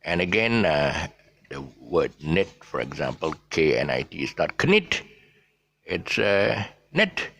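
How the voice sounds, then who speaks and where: Man, low husky voice, relaxed halting teacher who spells words out. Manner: halting, frequent fillers, spells words out letter by letter. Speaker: teacher of English pronunciation. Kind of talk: casual spoken lesson.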